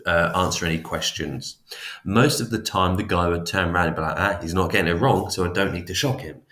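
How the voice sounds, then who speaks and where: A man's voice: deep voice, fairly bright tone, echoey room. A man teaching psychology in a casual, chatty lecture, often restarting and adding asides. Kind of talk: informal classroom lecture.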